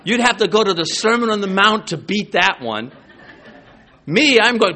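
A male pastor delivers a sermon in a church, slightly higher-pitched than most men. His voice rises and falls a great deal, and he speaks in a loose, self-deprecating way, often stopping to restart a phrase. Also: expressive, moderate pace, bright, forceful tone.

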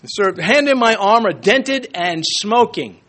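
A man preaching a sermon to his congregation, emphatic and animated, with joking asides and quick swings between loud and soft. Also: high-pitched. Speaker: pastor.

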